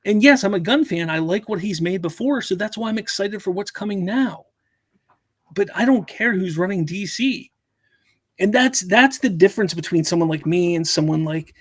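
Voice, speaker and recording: A man hosting a casual live stream, his voice pitched a little high. He rambles in an animated way and circles back over his own words. The sound is dry and close. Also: no echo. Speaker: host.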